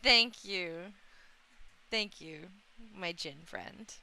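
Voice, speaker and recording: A woman's voice: on the low side, drawn-out words, pushed and bright. A woman streamer chatting casually with viewers, giggling often and a little under the weather. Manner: giggly, often laughing, emotional. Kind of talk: casual live-stream chat.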